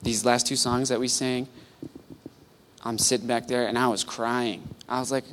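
A man preaching a sermon as pastor, earnest, climbing from quiet reflection to loud pleading peaks. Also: mid-range voice, flat delivery, moderate pace, a little hiss or hum. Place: church sanctuary.

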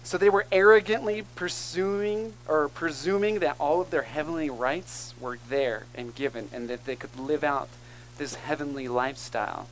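A man's voice: a little high, normal speed, a little hiss or hum, poor audio. A man preaching a sermon as pastor, earnest and emphatic, calling out to the congregation between points. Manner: earnest, emphatic preaching with call-and-response asides.

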